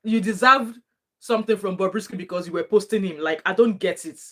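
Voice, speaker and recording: A medium-pitched woman with a pushed, bright voice talks fairly quickly while reacting to a clip as a vlogger. She greets viewers and offers chatty, opinionated commentary on what's playing.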